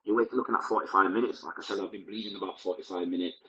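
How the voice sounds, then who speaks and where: A man's voice: low-pitched, steady tone, very fast, sharp tone, roomy sound, lo-fi sound. A man, a podcast guest, recounting his past in a candid, vivid, blunt present-tense way. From Manchester, England. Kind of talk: personal storytelling.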